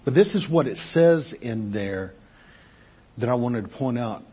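A man with a very husky, raspy voice preaches a sermon, his pitch swinging widely as he asks his listeners question after question. The recording sounds dull and lo-fi. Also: measured pace. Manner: animated, conversational preaching with rhetorical questions. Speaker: pastor.

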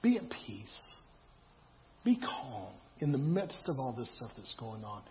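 A man's voice: mid-range voice, sing-song, a little slow, noisy background. A man preaching a sermon in a conversational way, repeating himself and asking rhetorical questions. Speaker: pastor. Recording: dull lo-fi sound.

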